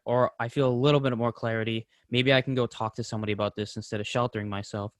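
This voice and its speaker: A man's voice: mid-range voice, fairly even intonation, fast, clean tone, no room sound. Candid rambling man, dry close mic. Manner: candid, rambling, swears freely. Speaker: podcast co-host. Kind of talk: casual podcast chat.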